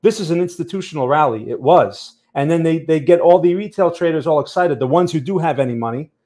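Speaking fairly quickly in a slightly high, expressive voice with a dark tone, a man hosts a trading channel live stream. He analyses charts, responds to chat conversationally, and repeatedly checks in with viewers using "okay?" and "right?"

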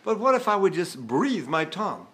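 An older man in his seventies teaching vocal technique. His speaking voice sits fairly high for a man. He explains through questions and hands-on examples in a demonstrative way. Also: very animated, normal speed, fairly bright tone.

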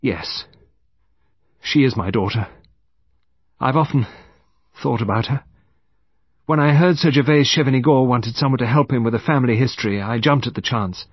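A man's voice: medium pitch, normal speed, pauses often, husky, dry recording, natural voice. A man voicing a bitter, fierce grey-haired older woman in an audiobook. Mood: bitter confession. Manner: fierce, resentful. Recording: dull dry recording.

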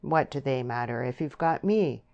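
A woman's voice: very deep voice, animated, moderate pace, vocal fry, a little mellow, lo-fi sound, exaggerated voice. A woman reading an eager, impatient young man. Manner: insistent and impatient.

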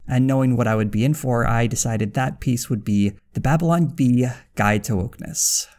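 A man's voice: mid-range voice, normal speed, a little mellow. A man narrating a scripted commentary video in a dry, critical manner. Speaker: video essayist.

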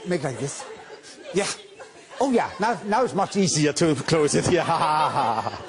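A man's voice: on the high side, expressive, slow pace, noisy background. Playful man doing a pickpocket stage act. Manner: playful, teasing, coaxing audience volunteers. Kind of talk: live stage patter with volunteers.

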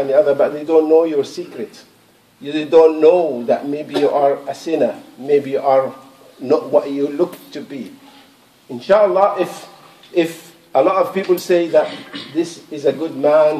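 Imam guy doing a friday sermon, kinda high voice, chatty, repeats himself, echoey mosque. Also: mellow. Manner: conversational, repeats words, quotes scripture in recited Arabic. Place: mosque prayer hall. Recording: echoey, distant room recording.

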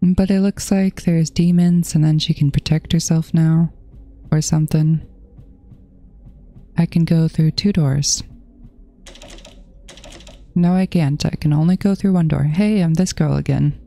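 Woman host for a horror game playthrough: mellow, unhurried, nervously mutters to herself. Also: sits low, fairly even intonation, creaky. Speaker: gaming channel host.

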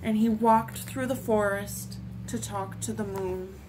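A woman reading picture books aloud for a children's storytime, expressive and lilting. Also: medium pitch, a little slow, background noise. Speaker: storytime reader.

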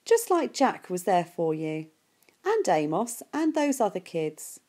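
Gentle, reassuring mother, read by a woman, warm mellow tone. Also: mid-range voice, big pitch swings, a little slow.

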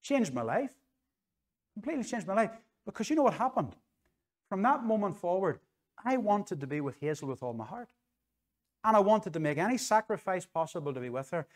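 A middle-aged man with a Northern Irish accent preaches in church, his voice sitting fairly high. He talks in an earnest, conversational way and repeats phrases for emphasis as the sermon moves toward an altar call. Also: big pitch swings, brisk.

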